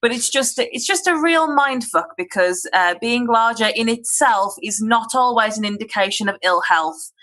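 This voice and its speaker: Woman, topical comedy rant, angry and earnest, bright tone, video call audio. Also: on the high side, animated, normal speed, few pauses, low-quality recording. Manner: earnest, angry, talks in long run-on sentences. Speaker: comedian on a panel.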